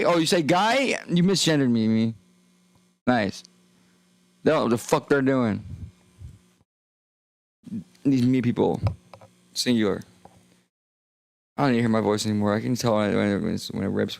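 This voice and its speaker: Young guy rambling on stream alone, gravelly, mumbles then yells out of nowhere. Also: mid-range voice, dry recording. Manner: erratic, jumps from mumbling to sudden yelling. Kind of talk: rambling solo livestream chat. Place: small room at home.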